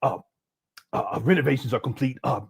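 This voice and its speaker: A man voicing a mocking impression of a bragging grown man, stammering with rapid filler sounds. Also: mid-range voice, gravelly, slightly rough.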